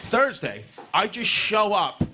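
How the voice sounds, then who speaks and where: A man's voice: high voice, very animated, slow pace, sharp tone, a little hiss or hum. A man from New telling a stand-up story, brash and profane, slightly drunk, laughing as he goes. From New York City. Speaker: stand-up comedian.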